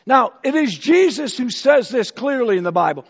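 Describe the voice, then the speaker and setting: Husky high-voiced preacher in a hall. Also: male voice, very animated, moderate pace, few pauses. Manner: storytelling, acts out voices of characters. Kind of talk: sermon. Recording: dull hall echo.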